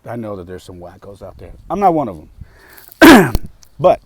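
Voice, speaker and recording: A man's voice: mid-range voice, big pitch swings, normal speed, breathy edge. A man hosting a podcast, telling a story in a casual, emphatic monologue full of fillers. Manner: emphatic, heated, with frequent fillers. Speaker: podcast host.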